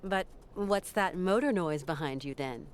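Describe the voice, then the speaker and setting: An actress playing a composed, persistent female traveller in a video game, polite, measured and firm. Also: fairly low pitch, clear, resonant tone, natural voice.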